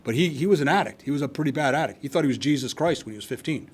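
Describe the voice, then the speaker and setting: A man's voice: medium pitch, expressive, racing, husky. Older man giving candid testimony. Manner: candid storytelling with repeated restarts and wry asides. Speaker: recovery meeting speaker. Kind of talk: personal testimony to a live meeting. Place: meeting hall.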